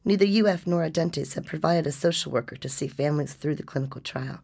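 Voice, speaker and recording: A woman reading a nonfiction story as narrator, with a measured, restrained delivery. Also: sits low, vocal fry, a little mellow, breathy edge.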